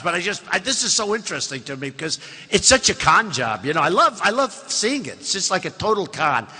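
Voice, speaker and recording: A high, bright-voiced man in his seventies delivers a campaign speech in a large events hall. He rambles, boasts and turns to the crowd with mocking asides, and long reverb trails behind every phrase. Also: a little hiss or hum. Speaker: political candidate.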